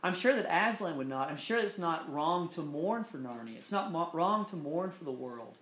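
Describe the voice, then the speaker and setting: A man voicing a young girl who is crying and grieving, read gently and pleadingly in an echoey room. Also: on the high side, expressive, normal speed. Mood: tearful.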